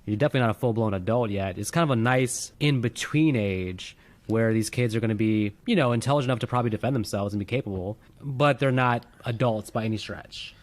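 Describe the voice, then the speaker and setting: Fast-talking animated man reviewing a film. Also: mid-range voice. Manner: animated, exclaiming, swears freely. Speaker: film review podcast co-host. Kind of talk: casual movie discussion.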